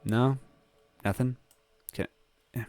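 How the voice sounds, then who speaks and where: A man hosting a let's play, reading the game's text aloud and answering it with jokes and quick laughs. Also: mid-range voice. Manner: animated, joking, quick laughs.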